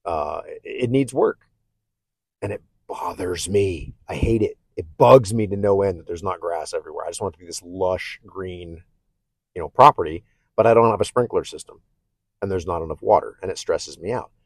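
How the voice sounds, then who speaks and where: At a normal pace and with a husky, lowish voice, this podcast host reflects candidly in a casual self-help monologue. He restarts his sentences and keeps asking listeners "okay?", recorded close and dry without room echo.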